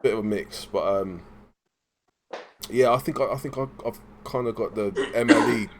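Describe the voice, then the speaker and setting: A man's voice: on the low side, moderate pace, a little hiss or hum. A man from Oxford with a southern English accent, chatting casually on a live stream panel, hesitant and full of fillers. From Oxford, England. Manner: hesitant, lots of fillers and yeahs.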